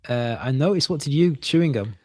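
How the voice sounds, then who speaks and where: A man from northern England co-hosting a casual chat over a video call, halting often and laughing a lot. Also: mid-range voice, animated, a little mellow, dry recording, studio quality. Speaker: podcast co-host.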